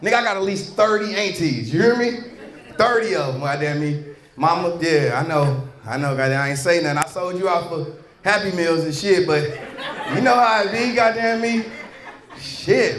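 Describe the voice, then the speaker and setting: St. comedian shouting in an echoey club. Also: male voice, high-pitched, animated, normal speed, slight background noise. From St. Louis, Missouri. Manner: loud, crude, playful crowd work with shouted punchlines. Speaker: stand-up comedian. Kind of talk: stand-up comedy set. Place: comedy club stage before a live crowd. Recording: echoey club with a roaring crowd.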